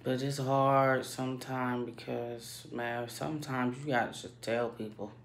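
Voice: mid-range voice, steady tone, a little slow, a little hiss or hum. A kitchen worker hiding in a work bathroom, half-whispering a blunt, profane rant into a phone held close. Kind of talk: hushed vlog rant.

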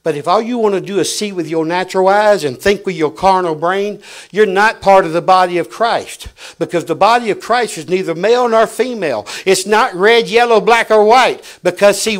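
A man preaching a fiery sermon in a church, swinging between loud shouts and quiet asides. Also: sits high, moderate pace. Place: church sanctuary.

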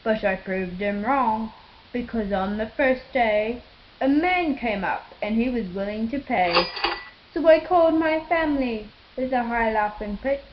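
A woman's voice: a little high, animated, unhurried, lo-fi sound, a little hiss or hum. A woman narrating a rhyming storybook in the voice of a boastful man who chops down trees. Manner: boastful, sing-song rhyming. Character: boastful male tree-chopping builder, narrating.

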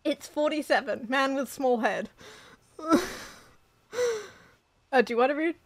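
A woman's voice: sits high, a little slow. A woman casually chatting and thinking aloud while playing a mystery game with a friend. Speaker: let's play streamer. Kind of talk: casual gaming chat.

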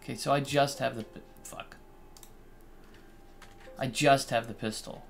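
A man's voice: medium pitch, steady tone, unhurried, gravelly, soft background music. A man casually commenting on a game he's playing with friends, laid-back and swearing when startled. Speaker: let's play host.

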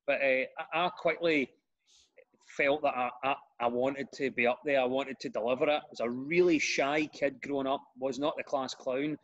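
A Glaswegian man chats as a podcast guest, animated and quick to restart his sentences. His voice sits at a medium pitch. The recording sounds a little dull and muffled. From Glasgow, Scotland. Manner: animated storyteller with frequent restarts. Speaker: guest comedian and radio presenter. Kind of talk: casual podcast chat.

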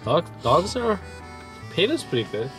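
A man's voice: on the high side, huge pitch swings, a little slow, a bit bright, soft background music, rough recording. A man teasing his wife in easy chat inside a car. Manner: teasing, amused. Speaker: husband. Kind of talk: casual chat.

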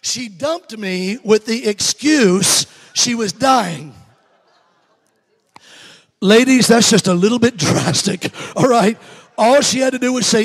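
A man's voice: very high-pitched, measured pace, big-room sound. A man in his fifties with a Southern accent, an evangelist preaching a humorous story to his congregation and joking with the crowd. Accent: Southern American. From Alabama. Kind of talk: sermon storytelling. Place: church sanctuary.

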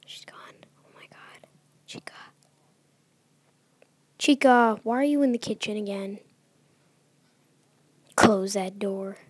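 A woman's voice: medium pitch, slow pace, pauses often, husky, dry recording. A young woman commentating a horror game as she plays, nervous and often dropping to a whisper. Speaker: let's play gamer.

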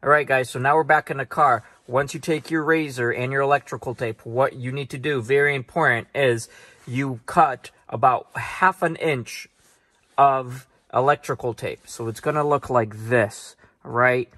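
A man's voice: medium pitch, steady tone, normal speed, sharp tone. A man hosting a casual car tutorial vlog, chatty and sarcastic, with lots of ums. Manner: sarcastic, joking; chatty with many fillers. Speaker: car channel host.

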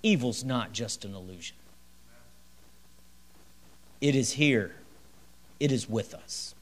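A middle-aged male pastor preaches a midweek sermon in a church sanctuary, his mid-range voice taking things slowly. His delivery is lively and story-driven, with acted-out quotes and chuckles.

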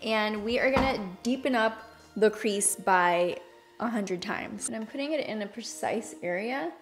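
A woman's voice: mid-range voice, measured pace, soft background music. An enthusiastic young woman with no accent, chatting casually as she demonstrates a makeup look to her viewers. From Hispanic background, speaks without Spanish accent. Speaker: beauty YouTuber. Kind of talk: makeup tutorial talk.

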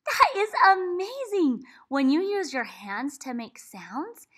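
A woman's voice: a little high, breathy edge. A woman reading a phonics book aloud to young children, acting out letter sounds with big playful leaps in her voice. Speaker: reading teacher. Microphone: laptop computer.

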